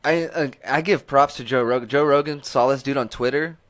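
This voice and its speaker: A man's voice: mid-range voice, fairly quick, fairly bright tone, no echo. Rambling man in casual podcast chat. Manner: rambling, lots of "like" and restarts, swearing.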